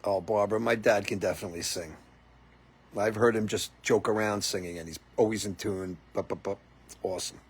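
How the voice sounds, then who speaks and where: A man's voice: on the low side, fairly even intonation, a little fast, breathy edge. A middle-aged man hosting a casual live chat from a porch, reading viewer comments and laughing often in an amused, talkative way. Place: porch, outdoors.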